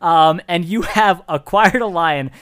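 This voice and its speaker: Giggly, rambling GM narrating a tabletop game, animated delivery. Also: medium pitch, measured pace, smooth. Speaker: game master.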